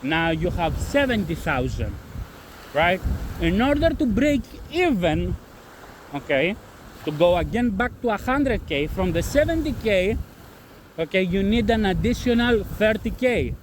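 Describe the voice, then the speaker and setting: His high voice swings widely in pitch while keeping a measured pace. A trading channel host with a non-native English accent whose native tongue isn't English, he gives a blunt, swear-laden, repetitive casual talk on trading risk to a camera-less audience, with faint wind in the background.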